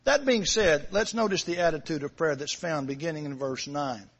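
A man's voice: a little high, moderate pace, husky. A man preaching a sermon, emphatic, repeating phrases and stressing key words. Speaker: pastor. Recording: dull lo-fi sound.

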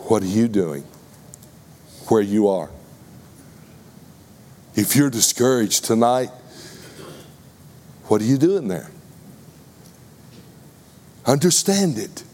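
A man preaching a sermon to a congregation in a slow, deliberate, emphatic way. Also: fairly low pitch, animated, warm tone. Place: congregation room.

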